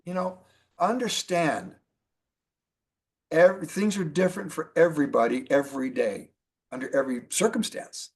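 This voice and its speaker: A middle-aged man giving a motivational training talk as a network marketing trainer, animated and repeating his key points for emphasis. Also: fairly high pitch, normal speed, pauses often, slightly rough.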